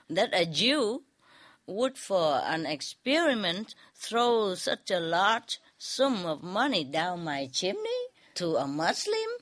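A woman's voice: on the low side, big pitch swings, slow pace, a bit bright, exaggerated voice. A woman voicing a sly old mullah who plays innocent while teasing the man he is talking to. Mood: mocking.

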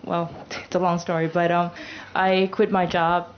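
A woman's voice: on the low side, little pitch movement, normal speed. A woman from Thailand in the audience, giving a grateful testimony with many hesitations. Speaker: restaurant owner in the audience. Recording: muffled with faint noise.

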